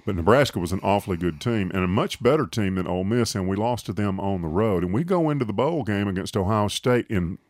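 Low-voiced host in casual sports chat. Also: male voice, lively intonation, fast talker, few pauses, darkish tone, no room sound. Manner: conversational, reciting old game scores. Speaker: talk show host.

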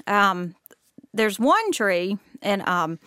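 A middle-aged woman, telling stories as a podcast guest in an animated, chatty way and often clearing her throat. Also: medium pitch, very slow, no echo, clean studio sound. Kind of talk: casual chat, storytelling.

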